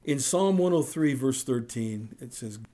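With a warm tone and lively intonation at a medium pitch, this male pastor delivers his sermon casually, frequently pausing for a quick "right?" to the congregation.

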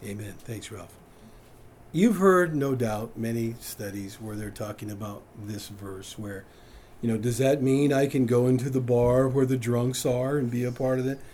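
A man's voice: medium pitch, normal speed, warm tone, slight background noise. A man preaching a sermon to a congregation, asking questions of the room and chuckling at his own points. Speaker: pastor.

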